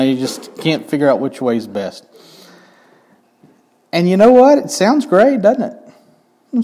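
A man's voice: fairly high pitch, very animated, normal speed, mellow. Guy preaching, chatty and wry, throws questions at the congregation. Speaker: pastor. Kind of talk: sermon.

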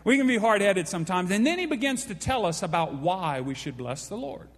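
A man's voice: high voice, sing-song, a little fast. A pastor giving a folksy sermon, joking with his congregation by name. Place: church hall. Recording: long hall reverb.

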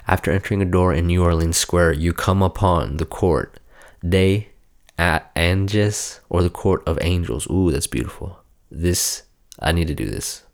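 A young man hosting a podcast, rambling and swearing as he reads aloud from his phone and mocks himself. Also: deep voice. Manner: profane, rambling, self-mocking. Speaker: podcast host. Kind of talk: casual chat, reading aloud from a phone.

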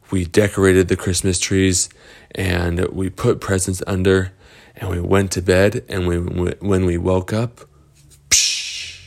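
A grumpy, possessive Christmas troll who guards his trees, speaking in slow, stern, brooding lines, as a man puts him on. The voice sits a little raised above the teller's own and keeps a gravelly edge. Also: deep voice, full character voice.

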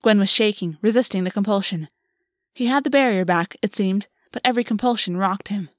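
A woman narrating a fantasy story aloud in a steady, even audiobook reading. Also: mid-range voice, fairly quick, dry recording.

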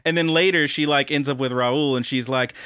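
A young man co-hosting a casual podcast, animated and profane, who acts out quoted lines in high, mocking voices. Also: a little fast, clean tone, dry recording, clean studio sound. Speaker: podcast co-host.

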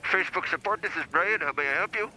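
A man playing a sarcastic male tech support agent in a prank call sketch, mock-polite and deadpan. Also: high-pitched, fast, slight background noise, low-quality recording.

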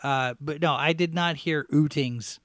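A man's voice: a little high, a little slow, a bit bright, no echo, studio quality. Chatty Texas-raised man, plain American accent. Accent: general American. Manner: chatty, laughs easily, self-correcting. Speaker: host. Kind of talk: casual podcast chat.

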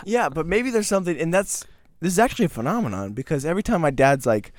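A man's voice: on the high side, animated, fast. A young man co-hosting a podcast, telling stories in a jokey casual chat with lots of laughter and fillers. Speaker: podcast co-host.

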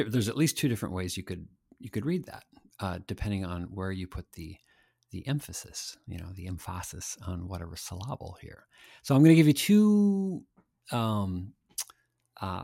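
A male podcast host with a lowish voice asks long, playful questions, rambling through fillers and restarts. The sound is dry and close. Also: gravelly, a little mellow, no room sound. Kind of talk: interview questions.

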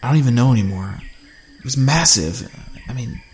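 A man's voice: medium pitch, lively intonation, fairly quick, a little hiss or hum, lightly acted. A man voicing an awestruck young male survivor who talks in an amazed, rambling way. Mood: awed.

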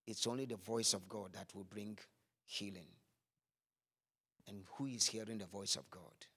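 A man's voice: lowish voice, a little slow, long pauses, bright, forceful tone, husky. A man preaching a sermon, acting out scripture scenes with vivid voices, then turning earnest.

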